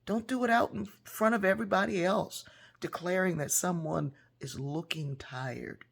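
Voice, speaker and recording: Woman, casual storytelling, gravelly, husky, soft near-whispers at times. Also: lowish voice, normal speed. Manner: warm, conversational, drops to soft near-whispers. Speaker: speaker and author.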